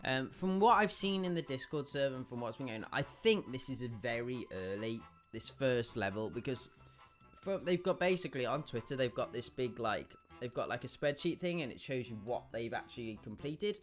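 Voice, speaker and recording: A man with a stuffy, croaky voice, rambling through gameplay commentary and restarting his sentences as he thinks aloud. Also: mid-range voice, animated, moderate pace, faint music behind. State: congested and croaky. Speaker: gaming YouTuber.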